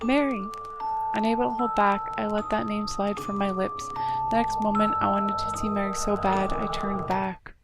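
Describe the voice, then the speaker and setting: A woman's voice: mid-range voice, little pitch movement, moderate pace, loud music behind the voice. A woman game streamer reading a visual novel aloud on a live stream, narrating with short offhand asides.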